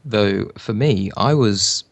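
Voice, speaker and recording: Guy with a gravelly low voice, measured and precise, dry close sound. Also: no room sound. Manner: measured, precise, self-described control freak. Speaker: podcast co-host guest. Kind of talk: casual interview.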